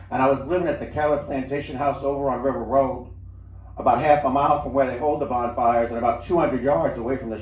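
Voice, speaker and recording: A man's voice: medium pitch, dull audio. A man reading a first-person story aloud at a live show in a lounge, in a conversational, storytelling way. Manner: conversational storytelling with small restarts. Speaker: reader. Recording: roomy lounge, mic at a distance.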